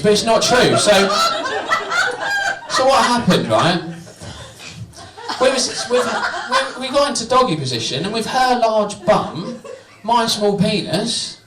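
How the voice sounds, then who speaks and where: On stage at a small comedy club, a young comic works the crowd with cheeky, self-deprecating banter. His voice is high-pitched, and the recording sounds roomy and distant, with the live audience laughing and cheering amid background noise.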